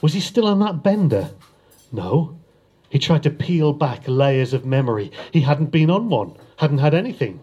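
A man, an author, chatting briefly and then reading the opening of his crime novel at a live event, in a steady narrating manner. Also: fairly high pitch, normal speed, husky, dull audio.

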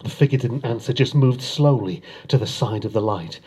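A man, an author, chatting briefly and then reading the opening of his crime novel at a live event, in a steady narrating manner. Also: mid-range voice, moderate pace, slightly rough.

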